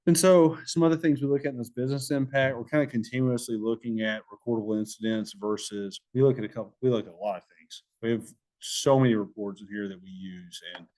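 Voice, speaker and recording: A middle-aged man with a drawl presents to a room of professionals in an easygoing, explanatory way. His voice sits at an ordinary middle pitch, and he walks listeners through examples as he goes. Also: steady tone, fast talker, a little mellow. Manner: conversational and explanatory. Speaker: safety presenter. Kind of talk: conference presentation with audience Q&A.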